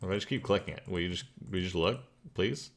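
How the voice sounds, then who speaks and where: Gravelly, low-voiced male streamer. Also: fast talker, slight background noise. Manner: joking, chatty, laughs at himself. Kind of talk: casual gameplay commentary.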